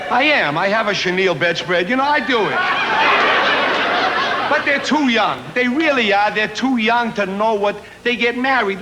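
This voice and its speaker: A middle-aged man doing stand-up comedy in a chatty, self-mocking way, his voice high for a man. The sound is an old 1970s TV recording with steady hiss behind him.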